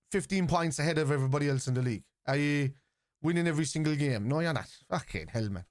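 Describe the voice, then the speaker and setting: A man with a Scouse accent hosting a live football watchalong stream, reacting to the match and arguing bluntly with viewers in the chat, swearing freely and yelling out players' names. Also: fairly high pitch, lively intonation, quick pace, no room sound, clean studio sound.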